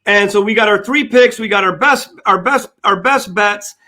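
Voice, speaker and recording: A man's voice: sits high, normal speed, bright, forceful tone. An older man co-hosting a sports podcast, rambling and repeating himself as he banters and tells stories. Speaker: podcast co-host.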